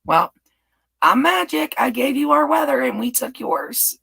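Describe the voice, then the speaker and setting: A woman's voice: high-pitched, very animated, normal speed, gravelly, fairly bright tone, husky, low-quality recording. A woman hosting a rambling, casual live chat and reading viewer comments aloud. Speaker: livestream host.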